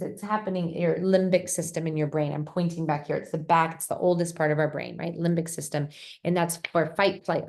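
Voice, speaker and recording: A middle-aged woman giving a gentle, reflective explanatory talk, often restarting her phrases. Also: low-pitched, vocal fry. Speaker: speaker on survivor mental health.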